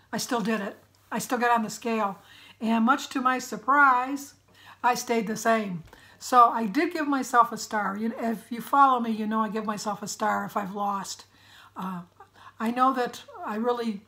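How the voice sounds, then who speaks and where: Raspy, congested woman vlogging. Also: mid-range voice, fairly bright tone. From Michigan, USA. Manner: chatty, apologetic, rambling with restarts. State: raspy, congested voice, clearing throat often. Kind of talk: casual weight-loss update vlog.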